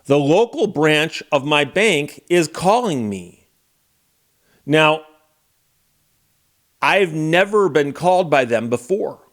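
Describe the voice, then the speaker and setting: A man's voice: on the high side, expressive, slow, long pauses. A middle-aged man who is a lawyer and channel host, telling a story in a casual monologue with a wry, exasperated manner.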